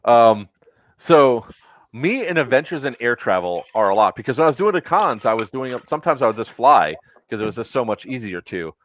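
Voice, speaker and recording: A man's voice: medium pitch, very animated, a little fast, a bit bright. A man hosting a casual podcast, telling a long story with plenty of swearing and acting out other people's lines. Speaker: podcast host.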